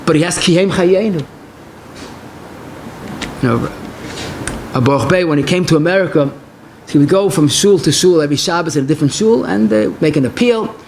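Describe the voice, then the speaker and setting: A man's voice: on the high side, normal speed, vocal fry, long pauses, a little mellow, slight background noise. A man giving a passionate Torah lecture as a rabbi, telling stories in mixed with Hebrew and phrases.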